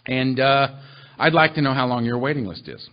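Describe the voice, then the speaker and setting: A man voicing a flustered wife who speaks in hesitant, halting phrases. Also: mid-range voice, animated, voice pushed down, lightly acted. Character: flustered wife asking about a waiting list. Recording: muffled lo-fi recording.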